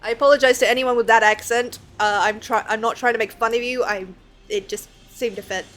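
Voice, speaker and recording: Young woman streamer, giggly, fairly high voice, faint game music behind. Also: fairly even intonation, a little fast, a bit bright. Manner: giggly, self-deprecating, talks to chat. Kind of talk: casual livestream chat.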